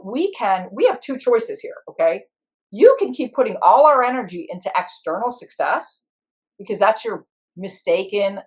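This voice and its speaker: Animated woman telling a therapy story. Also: mid-range voice. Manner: expressive, acts out her inner parts in quoted voices. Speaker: IFS practitioner guest.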